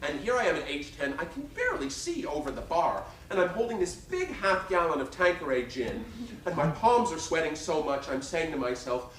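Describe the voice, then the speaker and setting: A man in his fifties performing a one-man show, telling stories in an animated, self-mocking way. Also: a little high, moderate pace, crowd noise. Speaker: stage performer. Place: theater stage. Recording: roomy live stage sound from a distance.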